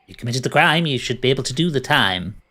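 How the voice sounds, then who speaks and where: A man's voice: medium pitch, animated, fast, bright, forceful tone. A man voicing a smug, matter-of-fact male jailer in a tabletop game.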